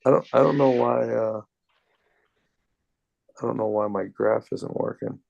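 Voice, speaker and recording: A man tutoring math over a video call, explaining things step by step in a relaxed way. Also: mid-range voice, measured pace, vocal fry, highs cut off. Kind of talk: casual tutoring session.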